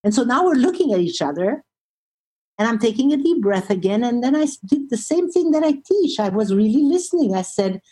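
A woman, a relationship therapist, telling a story as an interview guest, expressive and slowing down for emphasis. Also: a little high, slightly rough, poor audio.

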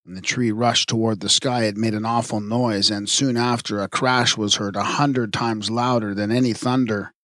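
A man narrating an audiobook of myths in a measured, even reading. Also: on the low side, no echo, studio quality. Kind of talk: scripted narration.

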